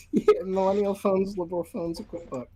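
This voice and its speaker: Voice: medium pitch, level tone, moderate pace, crowd noise, rough recording. Hesitant caller from Kentucky. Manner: hesitant, many restarts. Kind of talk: casual chat.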